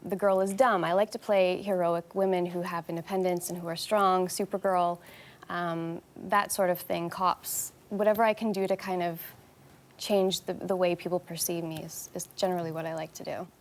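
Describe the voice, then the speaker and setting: A young Canadian actress as a talk show guest, chatty, warm and quick to laugh. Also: female voice, lowish voice, fairly even intonation. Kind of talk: casual interview talk.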